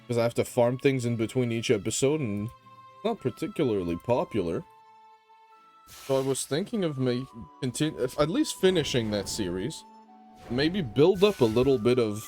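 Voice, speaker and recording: A man's voice: medium pitch, a little mellow. A tired man hosting a gaming channel, rambling in casual gameplay commentary with a sleepy, self-joking manner.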